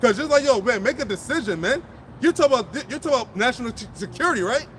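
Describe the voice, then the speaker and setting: A high-voiced man delivers an impassioned outdoor sermon. He is blunt and profane and repeats words as he builds each point, with faint city noise around him. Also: lively intonation, fast, a bit bright. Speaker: street preacher.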